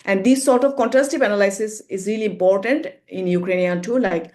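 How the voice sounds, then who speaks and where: A woman presents at an online academic conference over a video call. Her pitch and pace sit in the middle for a woman. She explains as she goes, fills pauses with "like" and says sounds aloud to show them. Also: a little mellow. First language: Bengali.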